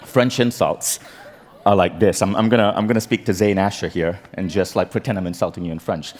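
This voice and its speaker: A man from Malaysia giving a humorous motivational talk on stage, telling stories in an animated, joking way. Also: low-pitched, a little fast, a faint crowd. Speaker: keynote speaker. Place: large event hall. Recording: stage talk with long hall reverb.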